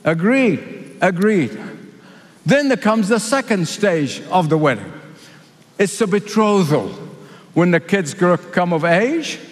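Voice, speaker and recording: A man from the Middle East preaching a sermon, emphatic and repeating key phrases, slowing down for weight. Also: sits high, big pitch swings. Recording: reverberant hall.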